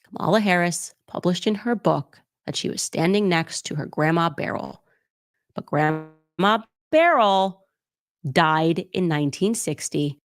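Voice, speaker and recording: A woman presenting documents in a commentary clip, laying out evidence in a measured way, step by step. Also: fairly low pitch, lively intonation.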